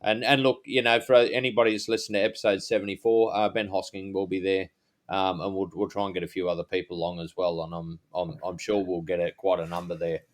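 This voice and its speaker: A man's voice: low voice, little pitch movement, fast. A man, a podcast co-host, talking in a rambling, casual way. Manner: rambling, full of fillers and restarts. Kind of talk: casual chat.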